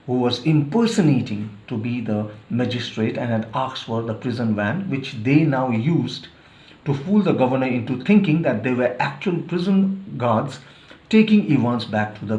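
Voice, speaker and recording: A man's voice: mid-range voice, expressive, normal speed, a little mellow. A man with an Indian English accent, a teacher explaining a story chapter to students and checking in with them as he goes. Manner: explanatory, checks in with "all right?". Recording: roomy, dull lo-fi sound.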